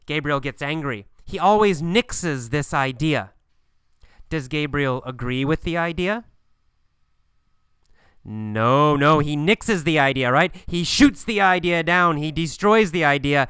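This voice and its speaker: A man teaching an English pronunciation lesson, asking and answering his own questions deliberately. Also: a little high, animated, fairly bright tone, clean tone, dry recording, clean studio sound. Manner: slow, deliberate, repetitive questioning.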